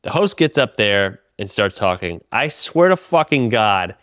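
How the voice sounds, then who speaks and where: A man, a comedian and podcast host, telling a story in casual chat, animated and full of swearing and restarts. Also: lowish voice, unhurried, clean tone, dry recording, studio quality.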